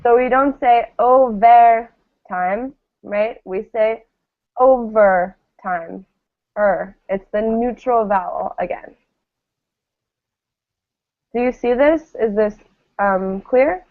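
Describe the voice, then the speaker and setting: A woman's voice: on the high side, slow pace, pauses often. A woman teaching English pronunciation, patiently modeling words for her class to repeat. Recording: tinny phone-like lo-fi sound.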